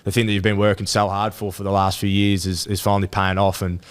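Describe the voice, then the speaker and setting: Fast-talking young Australian man. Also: on the low side, monotone, clean tone. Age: 20s. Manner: rambling storytelling with many restarts and fillers. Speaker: rugby league player guest. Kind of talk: casual interview chat.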